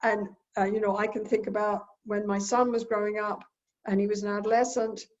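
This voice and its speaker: A woman's voice: mid-range voice, flat delivery, fairly quick, darkish tone. A woman therapist giving an earnest teaching talk from home. She repeats key phrases and acts out quoted dialogue. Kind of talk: lecture-style talk recorded at home. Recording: dull lo-fi recording.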